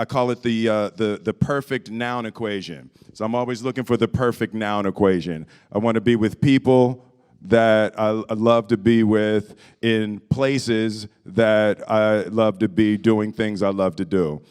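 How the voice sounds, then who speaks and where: A man in his fifties answering questions at a press conference, moving from reflective talk to animated storytelling. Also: lowish voice, clear, resonant tone. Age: 50s. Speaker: lead actor at a press conference.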